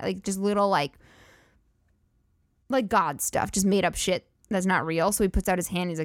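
A woman's voice: medium pitch, fairly even intonation, moderate pace, gravelly, no room sound, clean studio sound. A woman hosting a comedy podcast, rambling through profane, giggly riffs. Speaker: podcast host. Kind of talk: casual comedic monologue.

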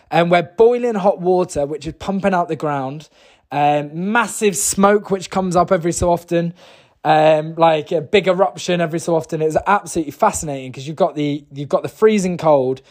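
A man from the UK with a slightly higher-pitched voice tells a personal story, chatty and enthusiastic. He stumbles, restarts and fills gaps with "um" as he goes. He then steers it toward a motivational message about goals. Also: a little mellow. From United Kingdom. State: briefly emotional. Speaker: motivational speaker. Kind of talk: casual storytelling and motivational talk.

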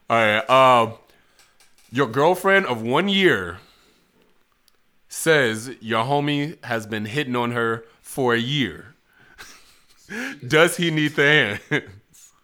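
A man's voice: mid-range voice, animated, slow pace, pauses often, pushed and bright. A man hosting a casual podcast, putting hypothetical questions to friends and often laughing. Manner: playful, laughs often while asking. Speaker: podcast host reading questions. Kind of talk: casual chat.

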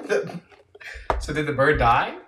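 A young man co-hosting a podcast, skeptical and full of quick follow-up questions. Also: mid-range voice. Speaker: podcast co-host. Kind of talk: casual chat. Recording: echoey, distant, noisy mic.

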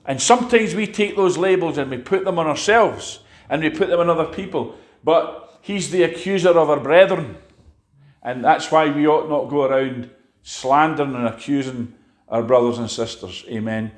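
A man preaching a sermon, halting and restarting often and asking the congregation rhetorical questions. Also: a little high, roomy sound. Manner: halting, with frequent fillers and restarts.

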